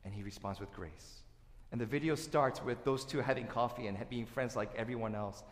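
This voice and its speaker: A male pastor preaching a sermon, animated, swinging between loud emphasis and quiet asides. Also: medium pitch, brisk. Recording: echoey hall with long reverb.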